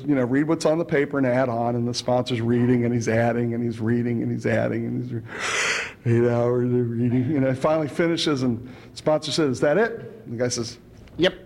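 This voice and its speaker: A man's voice: mid-range voice, fairly even intonation, fairly quick, a little mellow. A man telling his recovery story at a meeting in a chatty, humorous way, often adding "you know" and chuckling. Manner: chatty, fills with "you know" and "right", chuckles between lines.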